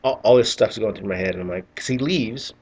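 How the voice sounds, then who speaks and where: A man's voice: on the low side, a little fast, darkish tone, slightly rough. A middle-aged man telling a rambling, profane story in a casual vlog, often restarting his sentences. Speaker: vlogger.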